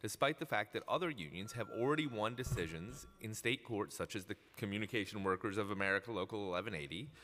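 A man reading prepared union testimony at a city council hearing, firm and measured. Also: on the low side, pushed and bright. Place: council chambers at city hall. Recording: council chamber, long reverb.

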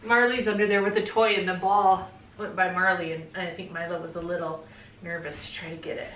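A middle-aged woman talks to her camera at home, gushing and then slipping into a hushed whisper. Her voice sits a little away from the mic in a roomy bedroom, with a faint hum behind it. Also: lowish voice, level tone, brisk, far from the mic. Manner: effusive, often drops to a hushed whisper. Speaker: pet vlogger. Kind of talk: casual vlog, unboxing gifts.

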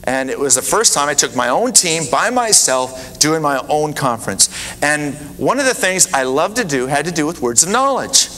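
A man preaching, telling a lively anecdote from his ministry and acting out the dialogue. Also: normal speed, slight background noise. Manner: animated, rising pitch when acting out dialogue. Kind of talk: sermon anecdote. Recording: reverberant hall with faint ambience.

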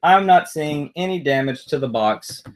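A man's voice: on the high side, animated, moderate pace. A man chatting casually on a live stream, rambling and answering viewer comments aloud as he goes.

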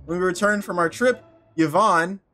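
A cold, sinister gentleman's letter, read out by a man in a game, delivered in a measured way. Faint music sits behind the voice. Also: high voice. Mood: ominous.

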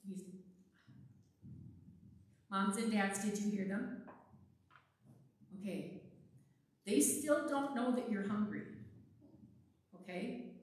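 A woman's voice: mid-range voice, slow, pauses often. A woman leading a children's sermon, talking playfully and coaxing the children with lots of questions. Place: church sanctuary. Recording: echoey church from far off.

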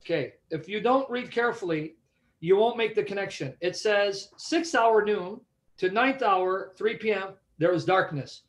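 A man's voice: sits high, normal speed. A man teaching a Bible study, emphatic and repeating questions to check that his listeners follow.

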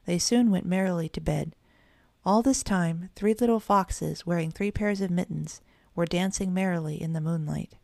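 A woman narrating a children's story in a gentle storytelling manner. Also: lowish voice, moderate pace, vocal fry, dry recording. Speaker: audiobook narrator. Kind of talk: children's story read aloud.

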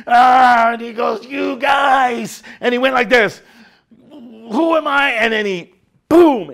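Male preacher, high voice, lively conversational sermon delivery. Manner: animated, chatty preaching.

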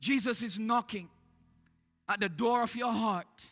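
Very high-voiced male preacher. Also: unhurried, fairly bright tone, faint music behind. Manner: earnest preaching, frequent "uh" between phrases. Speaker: pastor. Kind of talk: church sermon. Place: church sanctuary during service.

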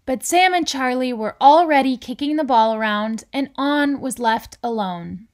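A woman reading a children's picture book aloud in a gentle, deliberate storytelling manner. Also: sits high. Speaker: reader.

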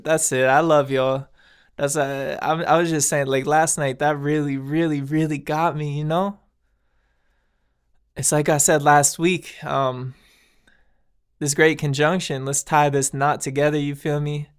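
A man's voice: on the high side, smooth. A man hosting his own podcast, talking earnestly and casually to his listeners with frequent laughs and slangy asides. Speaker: podcast host. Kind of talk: casual spiritual monologue.

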